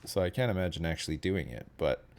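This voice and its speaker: A Canadian man with a fairly low voice chats casually on a stream. He rambles, keeps adding "like", and checks in with "right?". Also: lively intonation, fast, gravelly. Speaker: streamer chatting with a guest. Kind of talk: casual chat.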